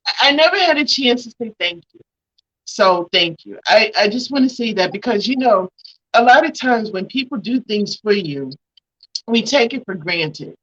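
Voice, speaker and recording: A woman's voice: fairly high pitch, expressive, moderate pace, a bit bright, highs cut off. A woman hosting a talk show, speaking at length and with feeling as she thanks her guest. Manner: emotional, grateful, talks at length. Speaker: host.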